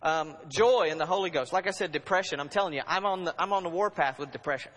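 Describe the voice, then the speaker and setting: Animated preacher man in a reverberant hall. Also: a little high, quick pace. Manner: animated, exhorting, swings between loud and hushed. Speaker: pastor. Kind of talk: sermon.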